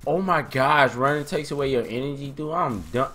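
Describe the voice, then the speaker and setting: A young man giving profane gameplay commentary, muttering to himself and then yelling taunts and curses at attackers. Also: on the high side, moderate pace. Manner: swearing, yelling taunts at enemies, swinging between mutters and shouts. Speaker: let's play gamer.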